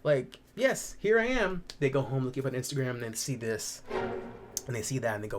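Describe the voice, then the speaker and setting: A man's voice: mid-range voice, a little fast, noisy background. A young man chatting casually and animatedly as he reacts to his own old videos, campy and swearing freely.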